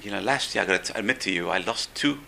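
A man voicing an excited male servant who reports a miracle to his master. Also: on the low side, racing, vocal fry, slight background noise, pitched below the performer's own voice, exaggerated voice. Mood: amazed.

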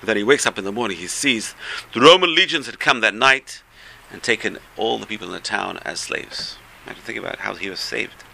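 A man with a low, gravelly voice and a sharply bright edge tells a religious story. He swings from loud, high bursts down to soft asides. A faint noise sits under the recording. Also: fairly quick. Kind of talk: storytelling Torah talk.

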